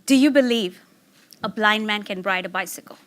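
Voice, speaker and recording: A middle-aged woman giving a personal storytelling talk, animated and laughing, acting out excited quotes. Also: mid-range voice, moderate pace. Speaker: speaker giving a public talk.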